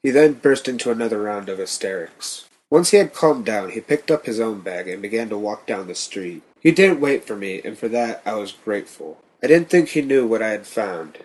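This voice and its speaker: A man reading a first-person horror story in a tense, steady manner. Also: on the low side, normal speed, hardly any pauses, husky. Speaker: narrator.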